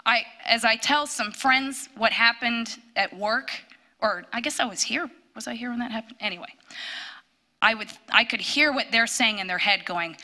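A woman telling a personal testimony in church, storytelling with animated bursts when quoting. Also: fairly high pitch, moderate pace. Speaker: church speaker sharing a testimony.

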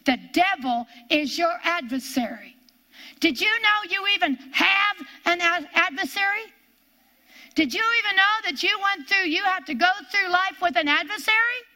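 Older lady preaching hard, high bright voice, hammers the same phrases over and over. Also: animated. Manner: emphatic, repeats key phrases, drawn-out stresses. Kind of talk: sermon.

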